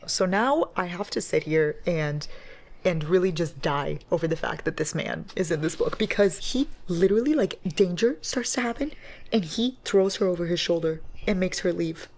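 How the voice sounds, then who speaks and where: A woman's voice: fairly low pitch, animated, normal speed. A young woman vlogging about a book she is reading, gushing and dramatic, swearing freely as she talks. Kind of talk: casual reading vlog.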